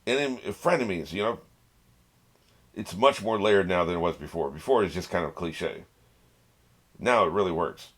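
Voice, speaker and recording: Low-voiced man reacting to anime. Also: expressive, normal speed, pauses often, fairly bright tone. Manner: chatty, laughs often, talks back to the screen. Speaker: anime reaction channel host. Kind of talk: casual reaction commentary.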